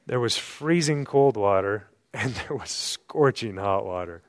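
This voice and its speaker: Pastor with dry, close sound. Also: male voice, expressive, measured pace, dry recording. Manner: rhetorical questions, swings from loud emphasis to hushed low tones. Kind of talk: sermon. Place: church service at night.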